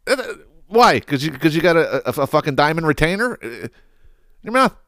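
Brief: blunt, foul-mouthed male podcast host, young, swinging pitch, dry sound. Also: sing-song, a little fast, fairly bright tone, dry recording. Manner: profane, blunt, exasperated. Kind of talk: ranting podcast monologue.

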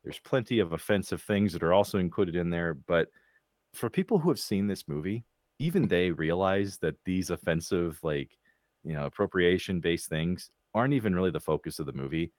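A man's voice: low voice, expressive, fairly quick, darkish tone, dry recording, studio quality. A man co-hosting a casual movie podcast, giving a wry, sarcastic review. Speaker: podcast co-host. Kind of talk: casual chat about movies.

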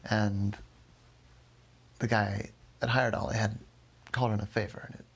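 Male storyteller, low husky voice, soft rambling bedtime-story delivery. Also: level tone. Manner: slow, rambling, with self-corrections.

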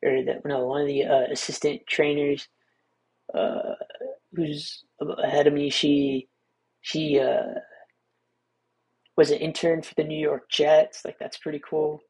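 A man's voice: fairly high pitch, level tone, unhurried, vocal fry, long pauses, darkish tone, breathy edge. A young man hosting a solo podcast, rambling in a laid-back way with many restarts and fillers. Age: young adult. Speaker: podcast host. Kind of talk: casual solo podcast monologue.

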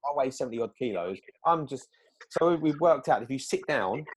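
A man telling a story in casual chat, animated, acting out quoted lines with big jumps in pitch. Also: normal speed, a little hiss or hum.

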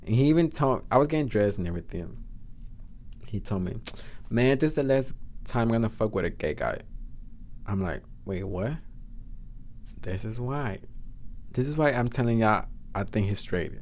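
A man's voice: medium pitch, lively intonation, moderate pace, pauses often, darkish tone. A man with a Spanish accent hosting a podcast, telling a story in a blunt, profane, chatty way. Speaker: podcast host. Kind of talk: casual storytelling monologue.

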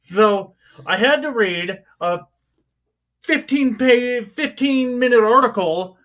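A man's voice: very high voice, animated, slow, a bit bright. Joking man on a lo-fi podcast. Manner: jokey, playful, switches into mock newsreader voice. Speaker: podcast co-host. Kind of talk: casual podcast banter. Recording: dull lo-fi home recording.

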